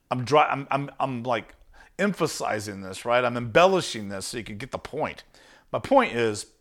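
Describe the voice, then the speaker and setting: A man's voice: mid-range voice, a bit bright. A man teaching sales in an emphatic, punchy monologue. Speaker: sales coach.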